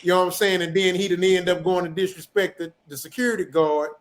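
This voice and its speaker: A man's voice: high-pitched, steady tone, fast. A man on a podcast, lecturing emphatically and profanely about raising kids. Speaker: podcast panelist. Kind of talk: casual podcast chat.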